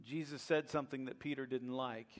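A man preaching a sermon as pastor, rising to loud emphatic passages with dramatic pauses. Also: medium pitch, fairly even intonation.

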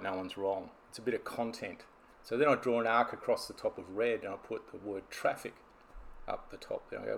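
A man's voice: fairly low pitch, gravelly, slight background noise. A man, a business coach telling stories and explaining ideas in a podcast conversation. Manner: storytelling, explanatory.

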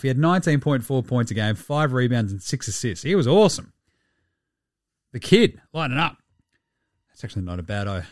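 Australian man hosting a sports podcast, mid-pitched, very lively delivery, swears a lot, dry close-miked sound. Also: no echo. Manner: animated, profane, rambling. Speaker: podcast host. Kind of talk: casual sports podcast chat.

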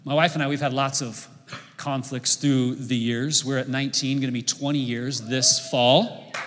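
A man in his forties preaching a sermon as pastor, lively and joking, leading the congregation in repeated lines. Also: medium pitch, moderate pace. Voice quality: bright, lively preaching voice with humor. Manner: leads the congregation in repeating lines, jokes and laughs. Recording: echoey hall with long reverb.

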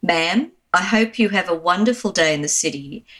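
A man's voice: sits high, normal speed, sharp tone. A woman quoting a courteous male station ticket seller who speaks formally and respectfully. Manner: formal, respectful, says ma'am.

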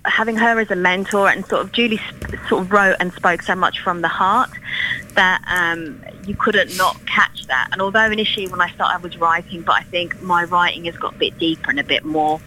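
A woman in her thirties with a London English accent talks as a guest in a relaxed radio interview. Her voice is bright and fairly low for a woman. She rambles, restarts sentences and fills pauses with "um", with a faint hiss underneath. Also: rough recording. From Ireland, raised in East London. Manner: chatty and rambling, lots of ums and restarts. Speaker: folk singer-songwriter guest.

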